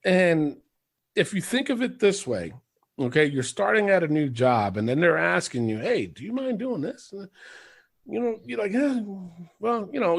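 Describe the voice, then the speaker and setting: High-pitched gravelly guy rambling on a podcast, cusses a lot. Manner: rambling, swears freely, laughs often. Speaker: podcast co-host. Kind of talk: casual chat.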